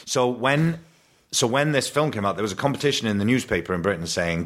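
A man telling family anecdotes on a podcast, animated and slipping into voices. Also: on the low side, brisk. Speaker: podcast guest. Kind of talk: casual chat, storytelling.

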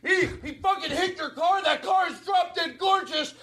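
A man's voice: extremely high pitch, moderate pace, pushed and bright, raised voice, pitched above the performer's own voice. A man playing a furious guy who screams profanities at his friend over a car crash, in an over-the-top rant. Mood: screaming.

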